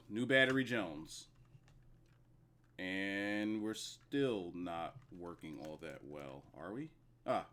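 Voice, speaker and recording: A man giving a casual, profane, rambling solo review of a wrestling show at his computer. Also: medium pitch.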